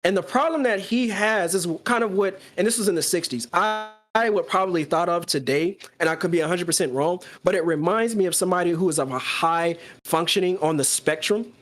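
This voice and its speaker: A podcast co-host talking casually, excitedly retelling a story and acting out the quoted lines. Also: male voice, high voice, fairly quick, hardly any pauses. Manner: excited, acts out quoted dialogue.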